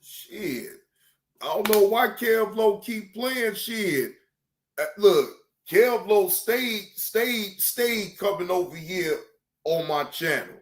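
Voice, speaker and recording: A man doing loud, profane reaction commentary, laughing a lot and repeating himself. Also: high voice, animated, slow pace, reverberant. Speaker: reaction streamer.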